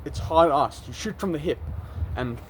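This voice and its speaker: A man's voice: fairly high pitch, normal speed, a little hiss or hum. Chatty South African man vlogging outdoors. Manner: chatty, rambling, self-correcting. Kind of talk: casual talk to camera. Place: outdoors in an urban area.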